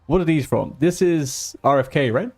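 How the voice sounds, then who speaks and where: A man plays a video game on a live stream, chatting casually with teammates and viewers while joking and grumbling at the game. His husky voice sits on the high side, with a darkish tone and a moderate pace. Faint music plays behind him.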